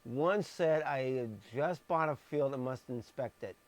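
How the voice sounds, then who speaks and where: A man's voice: mid-range voice, measured pace. A man reading scripture on a live stream, stressing words and dropping blunt, sarcastic asides. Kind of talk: live-streamed Bible message. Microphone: streaming microphone.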